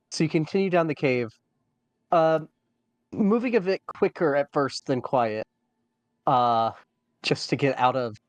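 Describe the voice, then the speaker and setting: A man narrates a tabletop dungeon crawl as its game master. He talks slowly and haltingly, with many fillers and restarts. His voice is mid-pitched and sits close and dry, with no room around it. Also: dry recording.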